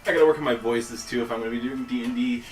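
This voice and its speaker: A man's voice: medium pitch, very fast, roomy sound, recorded from a distance, soft background music, low-quality recording. A man chatting casually with a friend on a gaming stream, dry and teasing. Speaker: guest co-host.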